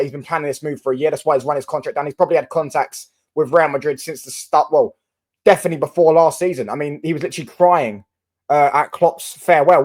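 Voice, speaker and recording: Young man, Mancunian accent, slightly high pitch, casual football reaction, rambling, swears. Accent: Mancunian English. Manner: rambling, swears, restarts often. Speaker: football channel host. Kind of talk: casual solo reaction commentary.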